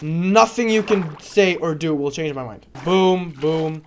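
A man giving live gameplay commentary, excitable, rambling and stumbling over his words, swearing and yelling at the game. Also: fairly high pitch, slow, a little hiss or hum. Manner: excitable, swears and yells at the game, trash-talks it. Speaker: gaming video creator.

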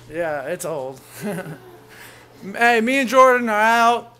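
A man's voice: very high voice, expressive, slow, pauses often, pushed and bright, a little hiss or hum. A man filming his baby son at home in a bedroom, teasing and coaxing him in a playful, joking way. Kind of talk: playful home video talk to a toddler.

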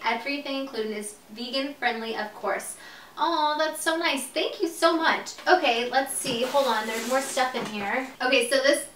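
A young woman gushes and giggles her way through a casual unboxing vlog. Her voice is bright and sits a little high. She is recorded off-mic in an echoey room with a faint hiss behind her. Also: far from the mic. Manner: gushing, giggly, chatty. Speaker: vlogger.

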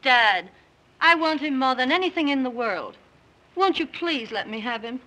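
A spoiled, headstrong young heiress, coaxing and playful in early 1930s film style. Her voice is high and bright, with lively swings of pitch. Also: normal speed, poor audio. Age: young adult. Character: spoiled, headstrong rich young daughter in love.

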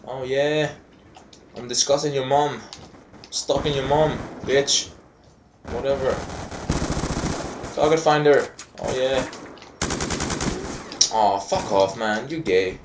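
A young man doing live video game commentary, trash-talking, swearing and breaking into yells. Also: mid-range voice, slow, long pauses, noisy background. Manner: foul-mouthed trash talk, bursts of yelling. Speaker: gaming commentator. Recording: roomy sound with game gunfire. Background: video game gunfire.

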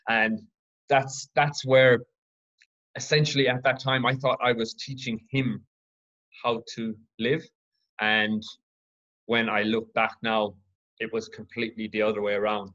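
A man from Ireland hosting his own podcast, telling a personal story in an earnest, reflective, halting way. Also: on the low side, flat delivery, fairly bright tone, highs cut off. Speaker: podcast host.

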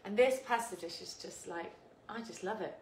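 A woman from England hosts a live cooking stream in her home kitchen, speaking at medium pitch and normal speed. She chats casually, laughs, and greets viewers by name. The recording has an echoey kitchen sound with faint background noise.

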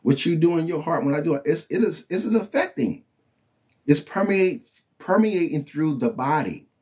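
A man preaches in a loose, colloquial teaching style and keeps turning to his listeners with quick check-ins. His pitch leaps and dips with real animation, while the tone itself stays dark and mellow. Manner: animated and colloquial, with frequent "you know what I'm saying" and "okay?". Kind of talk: informal preaching and Bible teaching.

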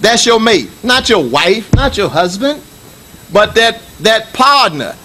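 The speaker is a middle-aged man from the US leading Friday prayers as a mosque imam, preaching emphatically, repeating himself, and reciting Arabic scripture. He talks slowly in a high, sharp voice with wide pitch swings, on a low-quality recording with a bit of hiss or hum.

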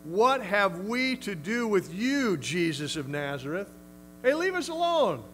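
A man's voice: sits high, sing-song, a little slow, fairly bright tone, slight background noise, voice pushed up, exaggerated voice. Brief: a male preacher putting on a demon crying out through a possessed man, defiant.

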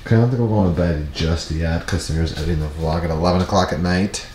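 A young man with a very deep voice chats to his vlog audience late at night, relaxed and joking. He talks loosely and easily, with a faint hiss underneath. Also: fast talker. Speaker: vlogger. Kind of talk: casual chat.

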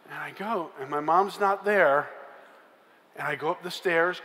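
A man's voice: a little high, steady tone, normal speed, gravelly, pushed and bright. A man telling a comic story to a youth conference crowd, acting out voices and sound effects. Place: large conference hall. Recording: live hall with long reverb, faint room noise.

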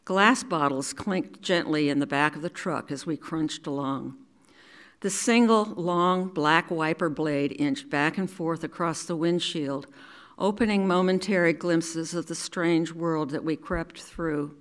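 In a low voice, an older woman from New York City, a resident reader, reads her own memoir aloud. Her storytelling is measured and deliberate.

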